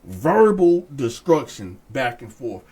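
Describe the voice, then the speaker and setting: A man casually telling a story about jail, animated and profane, talking straight to his viewers. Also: medium pitch, takes it slowly, slightly rough.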